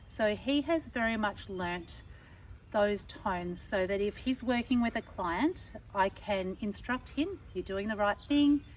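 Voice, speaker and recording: A woman's voice: mid-range voice, expressive, takes it slowly. Woman dog trainer explaining commands outside, kinda far off mic, light background noise. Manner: patient, demonstrates tones of voice as she explains. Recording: somewhat distant mic, faint background noise.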